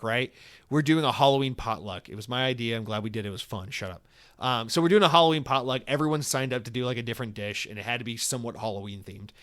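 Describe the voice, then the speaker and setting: A young man hosting a solo podcast, telling a story in a profane, excitable rant with sudden loud outbursts. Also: medium pitch. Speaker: podcast host.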